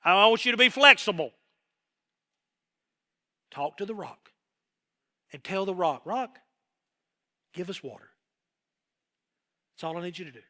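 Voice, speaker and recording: A man voicing God as a patient male figure giving calm, coaxing instructions, within a sermon. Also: high-pitched, very fast, few pauses, big-room sound, pitched above the performer's own voice, full character voice.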